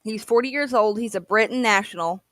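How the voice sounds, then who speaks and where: A woman's voice: mid-range voice, a bit bright, no room sound. Hesitant woman recounting a news story. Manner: hesitant, halting, many fillers. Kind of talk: casual livestream chat.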